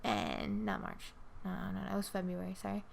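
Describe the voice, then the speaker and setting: A woman's voice: lowish voice, huge pitch swings, moderate pace, vocal fry. A woman hosting a podcast in casual chat, telling long, rambling stories full of swearing and acted-out quotes. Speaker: podcast host.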